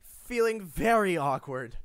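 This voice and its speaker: A man runs a tabletop game, narrating scenes and laughing easily with his players. His voice sits a little high and moves in a lively, animated way. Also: slow pace, clean tone, no echo. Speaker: game master.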